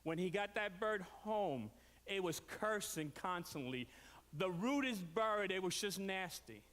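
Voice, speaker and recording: A man preaching a storytelling sermon, animated and leaping up in pitch for quoted voices. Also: measured pace. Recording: reverberant hall.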